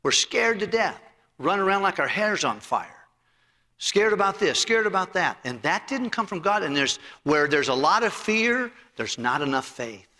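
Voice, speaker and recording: A man preaching to his congregation in a sermon, with a forceful, cutting tone. He swings from loud emphatic lines to soft, intimate asides, and tells stories along the way. His voice rings out with a long reverb in a large sanctuary. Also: sits high, big pitch swings, moderate pace. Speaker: pastor. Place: church sanctuary.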